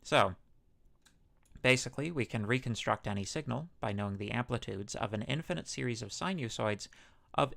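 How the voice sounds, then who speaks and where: A man whose voice sits on the low side with a fairly bright tone lectures a university class over a microphone. He's loose and conversational, relying on fillers and self-corrections, and jokes that he has a smooth radio voice.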